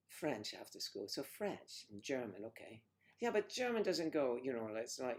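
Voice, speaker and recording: A man's voice: mid-range voice, sing-song, normal speed, a little mellow. An older man co-hosting a casual livestream chat, playful and teasing, joking about mangling Spanish. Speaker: livestream co-host.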